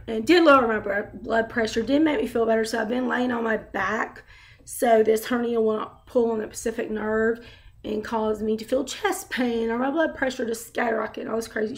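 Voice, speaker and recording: Gravelly, rambling woman vlogging from home. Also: a little high. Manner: rambling and candid, many fillers and asides. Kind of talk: casual personal video update.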